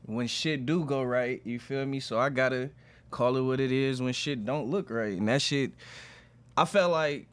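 A man's voice: medium pitch, normal speed. Laid-back young man talking football. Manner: laid-back, slangy, breaks down football plays. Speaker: podcast co-host. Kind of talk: casual sports chat.

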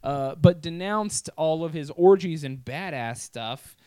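A man's voice: fairly high pitch, lively intonation, measured pace, warm tone, clean tone, no room sound. A young man hosting a podcast, telling a history story in a crude, swearing, joking way. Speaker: podcast host. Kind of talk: casual comedic storytelling.

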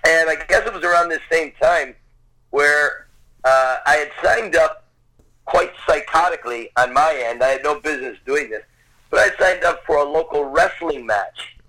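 A man's voice: fairly high pitch, normal speed, pushed and bright, rough recording. Earnest man telling a personal story. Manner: earnest, conversational, acts out quoted voices. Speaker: storyteller guest. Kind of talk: personal anecdote, casual storytelling.

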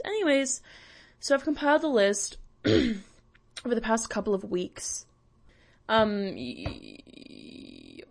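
A woman hosting a vlog, ranting casually in a rambling, profane, self-mocking way with many fillers. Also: a little high. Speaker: vlog host.

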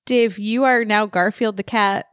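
Brisk woman running a podcast game. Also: medium pitch, fairly even intonation, smooth, no room sound. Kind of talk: casual podcast banter.

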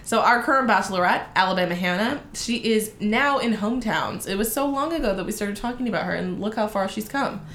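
A woman's voice: medium pitch, expressive, brisk, few pauses, fairly bright tone. Woman chatty co-host, swears freely, acts out dialogue, echoey room. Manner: profane, gossipy, acts out quotes. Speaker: podcast co-host. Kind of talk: casual chat, storytelling.

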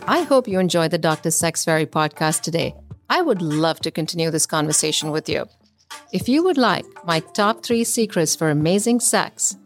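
A woman hosting a podcast, speaking in a reflective, conversational way. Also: on the low side. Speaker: podcast host.

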